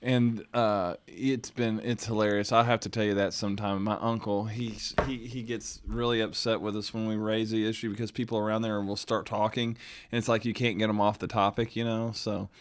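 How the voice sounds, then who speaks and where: A man's voice: lowish voice, little pitch movement, fairly quick, a little hiss or hum. A man from Florida co-hosting a podcast, telling a family holiday story in a rambling, laughing, casual way. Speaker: podcast co-host. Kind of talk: casual chat, personal storytelling.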